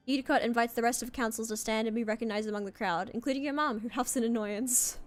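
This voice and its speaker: A woman streamer reading a story game's text aloud and chatting along in a lively way. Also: fairly high pitch, quick pace, hardly any pauses, faint music behind.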